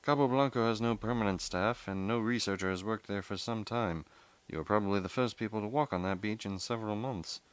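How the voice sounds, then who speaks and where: A man's voice: lowish voice, clean tone, no echo, close to an everyday voice. A composed doctor lays out the facts in careful, formal sentences, as a man reads him. The sound is close and dry with no room around it. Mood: calm. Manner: measured, precise, formal. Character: calm, formal Costa Rican male doctor.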